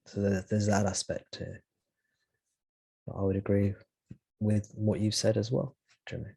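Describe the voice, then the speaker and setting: A man with a low, steady voice leads a spiritual satsang over a call, thinking aloud as he goes. His phrasing is reflective and he often restarts a sentence mid-thought. The sound is close and dry, with no room around it. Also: a little slow, creaky, slightly rough, dry recording. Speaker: spiritual teacher. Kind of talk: live satsang talk.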